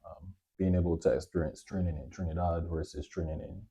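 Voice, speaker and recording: A man from Barbados speaks in a very deep, husky voice with a dark, mellow tone. He talks quickly yet thoughtfully, pausing often to find his words as he answers interview questions. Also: level tone. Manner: measured, thoughtful with frequent um fillers. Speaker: surgeon, guest. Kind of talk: conversational interview.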